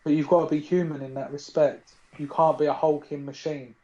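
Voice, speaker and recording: A man talks animatedly in a casual podcast chat, building long arguments and leaning on "you know". His voice sits a little high for a man. The sound is dull and lo-fi. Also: fairly quick. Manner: animated, argues his points at length, many fillers like "you know". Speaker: podcast co-host.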